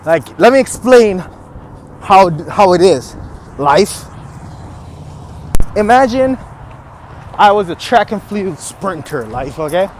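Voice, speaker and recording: Man, podcast host, high-pitched, riled up, trash-talking rant, faint background noise, outdoors. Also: sing-song, slow, pauses often. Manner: riled-up, trash-talking, laughs between lines. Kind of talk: fired-up motivational rant.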